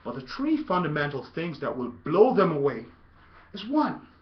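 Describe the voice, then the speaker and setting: A man coaching soccer in a casual video tutorial, playful and animated, breaking into loud shouts. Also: on the high side, moderate pace, highs cut off.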